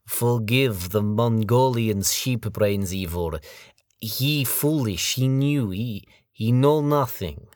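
A man voicing a gruff gang boss who tries to calm things in broken English. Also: medium pitch, normal speed, hardly any pauses, no room sound, clean studio sound, voice pushed up, close to an everyday voice. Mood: pleading. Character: gruff male gang boss, pleading peacemaker.

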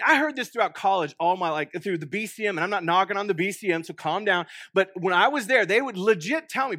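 A young man from Texas with a Texan accent preaching a sermon, joking and swinging between loud bursts and hushed asides. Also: sits high, no room sound, clean studio sound. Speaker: pastor. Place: church.

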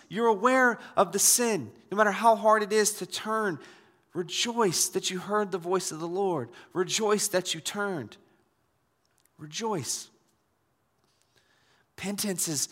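A man's voice: high voice, fairly bright tone, long reverb tail. A man preaching a sermon as pastor, in a conversational style that slips into acted asides.

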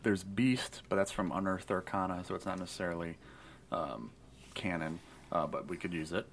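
A man's voice: low voice, normal speed, vocal fry, a little hiss or hum. A man hosting a casual podcast chat, easygoing and a little hesitant as he guides a character build. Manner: easygoing, hesitant, many restarts. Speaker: podcast host guiding character creation. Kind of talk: casual chat about tabletop game planning.

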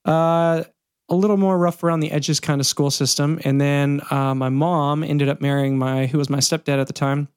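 A man from Texas co-hosting a casual podcast, rambling and joking, high on weed. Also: fairly even intonation, a little mellow, smooth, no echo, studio quality. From San Antonio, Texas. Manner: jokey, rambling, quick to laugh. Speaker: podcast co-host.

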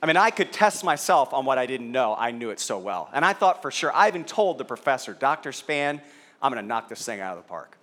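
A man's voice: mid-range voice, animated, a little fast, a bit bright. A man preaching a sermon to a live audience into a stage microphone, telling stories with self-deprecating humor and asking the audience questions. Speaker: pastor. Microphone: handheld or stage microphone.

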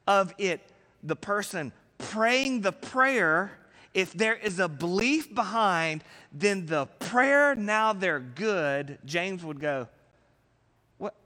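A man preaching a sermon as pastor, animated and conversational, acting out little voices with big swings in loudness. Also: high voice, slow, in a large hall.

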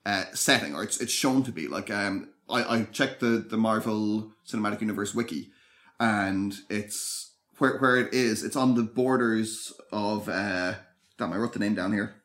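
In a laid-back conversation, this man co-hosting a podcast thinks aloud in a somewhat low voice. His speech is reflective and halting, full of pauses and restarts while he sorts out his thoughts.

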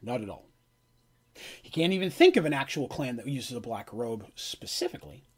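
A man narrating as game master on a live stream, in a relaxed, rambling style. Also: medium pitch, normal speed, breathy edge.

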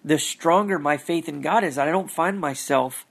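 Earnest man sharing faith, slightly high. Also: normal speed, gravelly, fairly bright tone. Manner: earnest, searching for words, repeats phrases. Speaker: Christian vlogger. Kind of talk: reflective personal faith talk.

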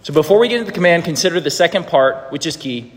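A man's voice: a little high, lively intonation, fast, long reverb tail. A man preaching a sermon in a conversational way, asking the congregation questions. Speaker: pastor.

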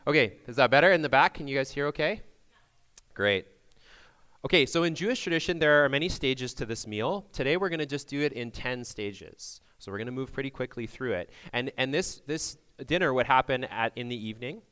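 A man leading a group through a Passover meal, giving loud instructions into a microphone and checking in with frequent "okay?"s. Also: medium pitch, lively intonation, brisk, clean tone, no echo. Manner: projects loudly into a microphone. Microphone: handheld or stand microphone.

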